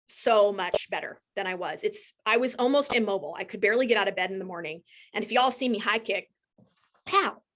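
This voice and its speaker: A woman, a team leader telling an audience her story in a heartfelt, animated way. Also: medium pitch. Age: 40s. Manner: warm, emotional, animated storyteller. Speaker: team leader speaking to a group. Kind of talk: heartfelt casual talk to an audience.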